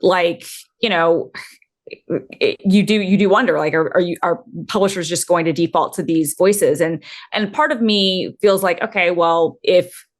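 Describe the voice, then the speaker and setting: Low-voiced woman musing on a panel. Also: normal speed. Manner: thoughtful, hedging with many fillers. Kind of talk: casual tech panel chat.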